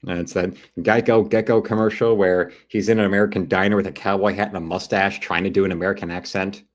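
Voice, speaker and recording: A man's voice: deep voice, flat delivery, fast. A man streaming live and commenting casually on a football broadcast, rambling and cracking crude jokes. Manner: rambling, joking, crude asides.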